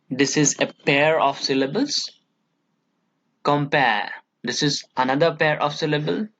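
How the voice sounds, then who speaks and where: A male college lecturer with an Indian English accent who teaches at a slow, careful pace. He walks through each point patiently and keeps checking in with his students. The recording sounds dull and lo-fi. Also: medium pitch, fairly bright tone. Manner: slow, patient explaining, frequent "okay" checks. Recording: dull lo-fi audio.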